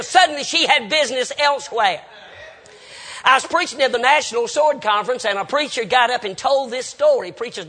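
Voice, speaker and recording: A man's voice: very high voice, bright, forceful tone, breathy edge. A Baptist preacher man, telling folksy anecdotes with quoted dialogue in a storytelling sermon.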